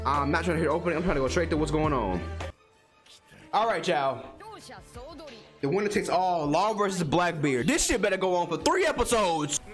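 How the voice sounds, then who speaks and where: A man's voice: a little high, expressive, brisk, pauses often, faint music behind. A young man, reacting to an anime episode in casual, profane commentary with incredulous outbursts.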